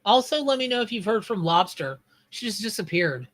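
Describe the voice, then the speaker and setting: A woman doing a live tarot stream, talking casually and rambling as she reads cards. She keeps cutting into her own sentences to say hello to people in the chat. Her voice sits at an ordinary middle pitch. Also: very animated, a little fast. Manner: chatty, scattered, greets viewers mid-sentence. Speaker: tarot reader and psychic. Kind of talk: live-stream reading with chat shout-outs.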